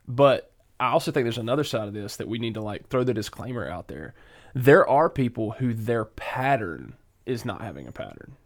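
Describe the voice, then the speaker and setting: A man's voice: medium pitch, animated, moderate pace. A young man co-hosting a podcast, chatting casually with lots of fillers and self-deprecating asides. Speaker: podcast co-host. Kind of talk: casual chat.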